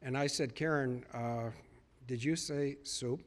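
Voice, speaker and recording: A man's voice: medium pitch, measured pace. A man speaking to a live audience, earnestly retelling conversations with emphatic repetition. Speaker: public speaker. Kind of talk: storytelling speech to a live audience.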